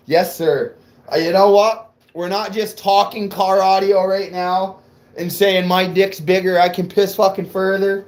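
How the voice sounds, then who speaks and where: A man's voice: sits high, flat delivery, measured pace, darkish tone, poor audio. A man from New England chatting casually on a livestream, rambling and swearing, fired up. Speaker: car audio livestreamer.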